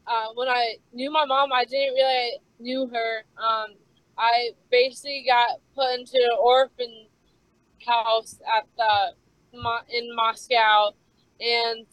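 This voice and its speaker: A young woman from Russia with a faint Russian accent tells her testimony as an interview guest. She speaks slowly and haltingly in a flat, smooth voice, and the sound is dry. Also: a little high, no echo, rough recording. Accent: slight Russian. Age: young adult. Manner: hesitant, with many fillers.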